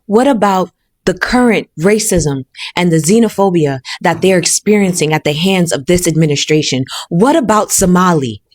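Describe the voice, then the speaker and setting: Woman commentator, fairly low voice, dry close sound, rhetorical, defiant. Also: moderate pace, darkish tone, no echo. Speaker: social media commentator. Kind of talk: direct-to-camera commentary.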